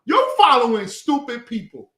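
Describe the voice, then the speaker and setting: A man leading an informal scripture class, talking in a mocking, animated, slangy way. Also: very high-pitched, normal speed. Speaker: class leader. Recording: echoey room.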